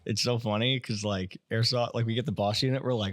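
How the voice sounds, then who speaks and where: Dude cohosting a podcast, mid voice, teasing the guest. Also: male voice, mid-range voice, steady tone, fairly quick. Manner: playful, teasing. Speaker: podcast co-host. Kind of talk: casual chat.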